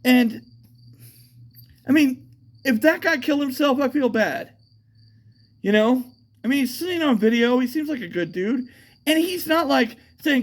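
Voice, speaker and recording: A man's voice: very high-pitched, animated, a little slow, long pauses, fairly bright tone. A man rambles through a casual monologue. He swears freely, trails off, and circles back with fillers and repeated starts, as if talking off the cuff outdoors at night. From United States. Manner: profane, meandering, with frequent fillers and restarts.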